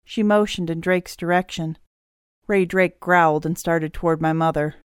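Woman reading a novel aloud, low smooth voice, dry close sound. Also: steady tone, normal speed, no room sound. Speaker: audiobook narrator. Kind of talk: first-person audiobook narration.

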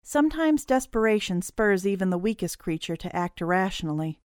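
A woman reading a first-person audiobook story in a steady, clear storytelling manner. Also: mid-range voice, brisk, dry recording, clean studio sound. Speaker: audiobook narrator.

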